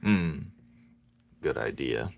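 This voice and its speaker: Young man, deep low voice, relaxed rambling livestream chat, answering viewers. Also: extremely slow, gravelly. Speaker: streamer drawing and chatting.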